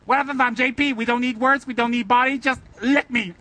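High, bright-voiced playful Buddhist teacher. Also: male voice, fairly even intonation, fast talker, slight background noise, rough recording. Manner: playful, teasing, rhetorical questions. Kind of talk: Dharma talk.

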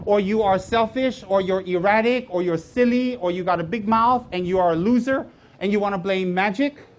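A man gives a lively Buddhist dharma talk, full of jokes and rhetorical questions. He slips into the voices of the people he mocks and then drops back to his teaching voice. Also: high voice. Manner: animated, joking, with rhetorical questions; acts out voices of others.

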